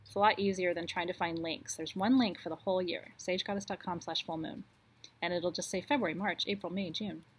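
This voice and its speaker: Woman guiding a soft-spoken meditation. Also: fairly low pitch, steady tone, husky. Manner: slow, soothing, drops softer on affirmations. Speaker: spiritual teacher leading a live online ritual. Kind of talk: guided meditation and ritual talk.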